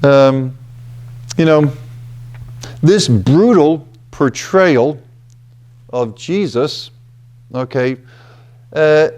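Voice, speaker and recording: A man giving a reflective scripture talk at a retreat house, deliberate and emphatic, often checking in with "okay" and "you know.". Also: fairly high pitch, darkish tone.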